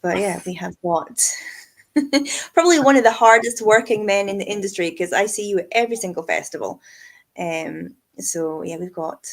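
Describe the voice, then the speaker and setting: A Scottish woman co-hosting a casual whisky chat, chatty and self-mocking, laughing often, with a squeaky voice. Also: moderate pace. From Scotland. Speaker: whisky shop co-host.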